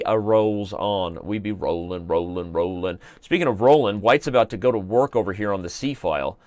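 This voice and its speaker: A man hosting a live online chess show, commenting on games in a chatty, joking way and reading out viewer shout-outs. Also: mid-range voice, clear, resonant tone, no echo. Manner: chatty and joking, with playful asides.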